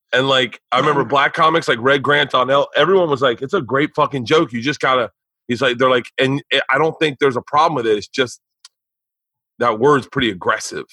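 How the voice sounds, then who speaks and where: Husky, bright-voiced male storyteller. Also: mid-range voice, moderate pace, no echo, rough recording. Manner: animated, profane, laughing storyteller. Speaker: comedian. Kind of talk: casual podcast storytelling.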